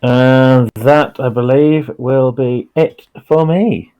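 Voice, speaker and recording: Tabletop player, a man, slow and unhurried, hesitant and full of fillers. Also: mid-range voice, dark tone, clear, resonant tone. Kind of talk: describing his character's actions in a tabletop game.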